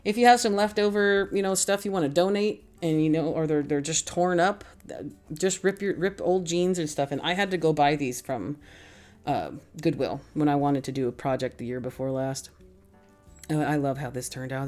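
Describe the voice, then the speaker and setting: Low-voiced woman rambling thru a craft how-to, chatty and a bit self-mocking, soft music behind. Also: moderate pace. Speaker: craft channel host. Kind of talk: casual craft tutorial voice-over.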